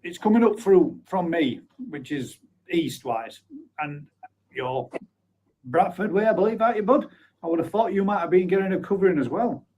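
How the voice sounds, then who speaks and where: A man's voice: high-pitched, lively intonation, normal speed, darkish tone, slight background noise, rough recording. A man in his forties hosting a live stream, chatting casually and reading out viewer comments, blunt, with offhand swearing and frequent laughs. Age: 40s.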